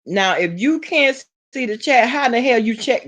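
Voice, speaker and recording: A woman from Alabama with a Southern accent, chatting casually to her live-stream viewers and reading their comments, sassy and quick to laugh. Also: on the high side, expressive, lo-fi sound. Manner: sassy, talks straight to chat, laughs often. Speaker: vlogger reading live chat.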